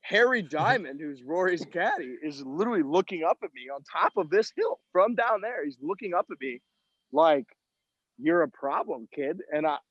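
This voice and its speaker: A man's voice: sits high, lively intonation, normal speed, fairly bright tone, slightly rough, no echo, lo-fi sound. Cursing man telling golf stories. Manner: profane storytelling, self-mocking. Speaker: podcast co-host. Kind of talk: casual chat. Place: outdoors at a golf tournament.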